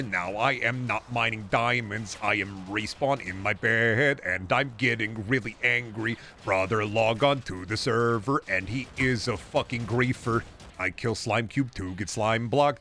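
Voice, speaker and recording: A man putting on a flat, broken-English voice, reciting simple facts slowly and deadpan. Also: on the low side, a little hiss or hum. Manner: slow, deadpan, monotone recitation.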